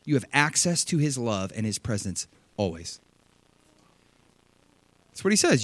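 A man's voice: fairly high pitch, normal speed, pauses often, no room sound. A man preaching a sermon, reading scripture aloud and expounding on it with emphatic energy. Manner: animated, emphatic, reads scripture aloud and riffs on it.

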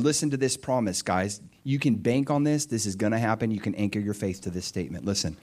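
A middle-aged man preaching a sermon, retelling scripture with lively, animated storytelling and acted-out voices. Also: on the low side, brisk, hardly any pauses. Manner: animated storytelling, acts out voices of biblical figures. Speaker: pastor.

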